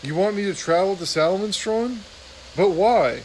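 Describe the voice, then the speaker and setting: A man's voice: high voice, lively intonation, a little slow, a little mellow, slight background noise, voice pushed up, low-quality recording. A man reading a novel aloud, voicing a curious young male mouse warrior in questioning tones. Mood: puzzled.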